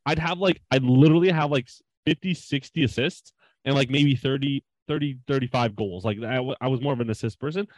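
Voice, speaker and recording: A man's voice: mid-range voice, no echo, rough recording. A man co-hosting a podcast, telling stories in loose, profane, casual chat. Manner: fast, loose and profane, with frequent "bro" and "like". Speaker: podcast co-host.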